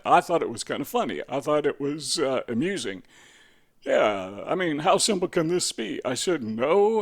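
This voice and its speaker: Musing man with a somewhat high voice. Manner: musing, asks rhetorical questions, dry humor. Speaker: video host. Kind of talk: casual spoken monologue.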